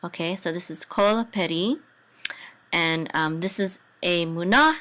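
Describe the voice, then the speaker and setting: Woman teacher, lowish voice, slow and methodical, sounds out syllables, hesitant fillers. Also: bright, forceful tone, poor audio. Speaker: Hebrew and Torah cantillation teacher. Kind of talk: language lesson, sounding out words syllable by syllable.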